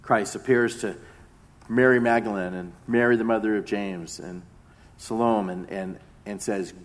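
Guy preaching a sermon, lowish voice, gets loud then drops real quiet. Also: steady tone, unhurried. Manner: dramatic retelling, swinging between loud emphasis and hushed tones.

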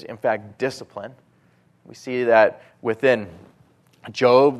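A man preaching a sermon, animated, moving between loud emphatic lines and quiet asides. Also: mid-range voice.

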